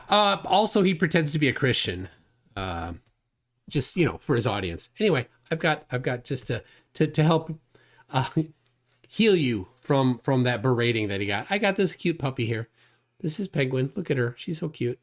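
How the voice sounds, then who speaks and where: A man's voice: mid-range voice, sing-song, fairly bright tone. A man hosting a livestream, talking casually and hesitantly with many fillers while reading viewer comments. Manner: unhurried, halting with many fillers. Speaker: livestream host. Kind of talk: casual live-stream commentary.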